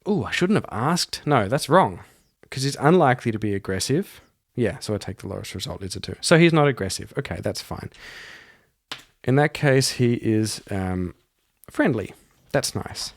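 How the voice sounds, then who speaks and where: A man's voice: medium pitch, lively intonation, normal speed. A man hosting a podcast, narrating a solo tabletop game and thinking aloud as he rolls dice. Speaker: podcast host and solo player.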